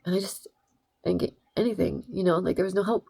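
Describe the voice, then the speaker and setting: A woman's voice: mid-range voice, fast talker, gravelly, mellow, breathy edge, no echo. A young adult woman telling a rambling, emphatic story in a casual vlog, full of "like" and "right?". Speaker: vlogger.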